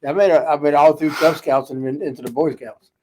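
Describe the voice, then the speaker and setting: A man's voice: fairly high pitch, fairly even intonation, fairly quick, darkish tone, a little hiss or hum. A man co-hosting a podcast, joking around and often restarting his sentences. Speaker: podcast co-host. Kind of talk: casual chat.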